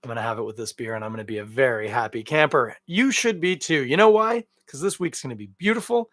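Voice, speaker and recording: A man hosts a casual solo podcast, rambling and joking with lively swings between loud bursts and muttered asides. His voice sits mid-range for a man. It is recorded close on a mic in a very dry room. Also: mid-range voice, quick pace, dry recording. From Canada. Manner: rambling, jokey and animated, with big swings in loudness. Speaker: beer podcast host.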